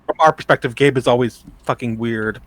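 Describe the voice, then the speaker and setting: A man's voice: medium pitch, fairly bright tone. A man co-hosting a podcast, chatting casually, cracking jokes and restarting his sentences. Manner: joking, halting, swears casually. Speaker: podcast co-host. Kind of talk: casual chat.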